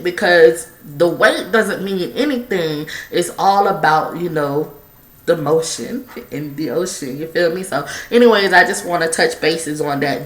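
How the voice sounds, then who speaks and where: A woman's voice: low-pitched, reverberant. A woman vlogging candidly while smoking, blunt and profane, coughing now and then. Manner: blunt, profane, animated storytelling. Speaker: YouTube vlogger. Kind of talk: candid smoking-vlog monologue.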